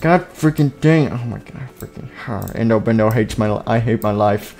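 A man's voice: mid-range voice, fairly quick, gravelly, darkish tone, close to an everyday voice. A man playing a grumpy male animatronic stuck delivering pizzas, grumbling and feeling sorry for himself. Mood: bitter. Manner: grumbling, self-pitying, muttering.

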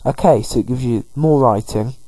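A man's voice: mid-range voice, normal speed, warm tone, breathy edge, no echo, poor audio. A man giving a chatty, rambling walkthrough of a video game as its commentator.

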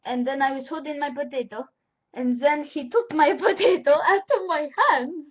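A woman's voice: sits high, moderate pace, close to an everyday voice. A woman playing a sobbing prank caller. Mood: mock grief. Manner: fake sobbing, stammering, breaking into giggles. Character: tearful prank caller mourning a stolen potato. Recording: dull lo-fi audio.

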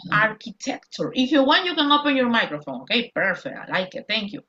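Bilingual woman teacher drilling pronunciation on a video call; bright, slightly high voice, dull lo-fi sound. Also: very animated. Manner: drills words slowly, switches between English and Spanish. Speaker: English teacher. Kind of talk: online class instruction.

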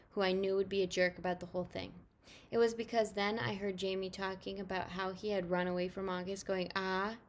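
A woman reads a first-person audiobook in a casual, chatty, youthful tone. Her voice sits at a medium pitch, and she speaks as if telling the story herself. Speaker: audiobook reader.

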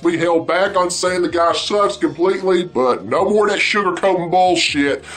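A man's voice: high voice, a bit bright. A man hosting a vlog, delivering a blunt, profane, repetitive rant straight to his viewers. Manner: blunt, heavy swearing, repetitive. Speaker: vlog host ranting about wrestling. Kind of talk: profane angry rant to camera.

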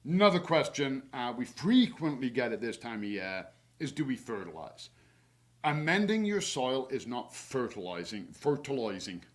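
A man, a horticulturist, hosting a casual garden webinar, talking in a relaxed, chatty way with plenty of fillers and practical tips from his own yard. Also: medium pitch, normal speed. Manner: chatty and relaxed, many fillers, laughs at himself.

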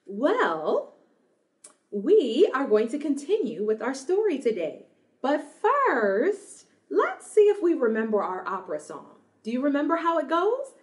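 A young woman teaching small children about singing, talking slowly and brightly, with lots of praise and sung examples. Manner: warm praising, sings examples, owl hoots and drum booms. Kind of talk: slow, sing-song lesson for small children.

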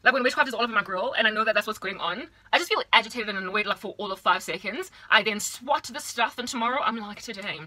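A young woman from South Africa rattles through a casual vlog monologue at a quick clip, animated and slangy. Her voice is very bright and forceful, and the sound is dry and close. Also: a little high, no room sound, low-quality recording. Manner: animated and chatty, slangy asides. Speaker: vlogger. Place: small home room.

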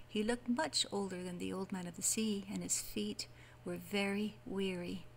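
Slow, gravelly woman reading a bedtime story. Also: medium pitch, a little hiss or hum, poor audio. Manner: slow, soft, even narration. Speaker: audiobook narrator.

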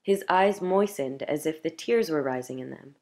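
A woman reading a classic short story aloud in a measured, clear narration. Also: deep voice, lively intonation, a little mellow. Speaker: audiobook reader.

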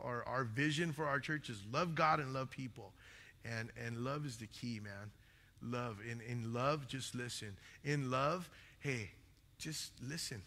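A man preaching a sermon as pastor, talking loudly and passionately, acting out little stories as he goes. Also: mid-range voice, big-room sound. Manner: loud, passionate, animated storytelling. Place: church sanctuary.

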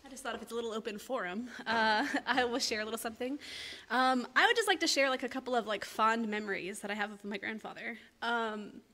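A woman shares fond memories of her grandfather at a memorial service. Her voice is bright and fairly high, and her manner is light-hearted, with frequent laughter as she reminisces. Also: fast. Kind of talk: memorial tribute speech.

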